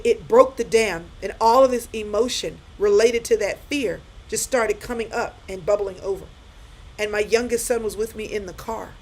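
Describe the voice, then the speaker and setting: A woman's voice: medium pitch, a little hiss or hum, low-quality recording. A middle-aged woman giving a live-stream pep talk to viewers, repeating her points with emphasis and speaking straight to them.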